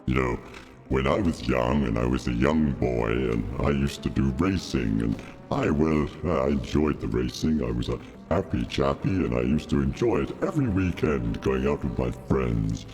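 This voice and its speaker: A man putting on the voice of a deep, menacing male space villain overlord, talking in a slow, brooding, theatrical way. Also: animated, a little mellow, soft background music.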